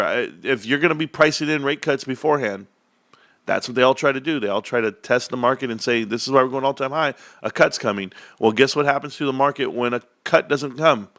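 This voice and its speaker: Rambling low-voiced man on a stock livestream. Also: a bit bright, no echo. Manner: rambling, jokey, talks to chat viewers. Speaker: livestream host. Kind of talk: casual stock market livestream rant.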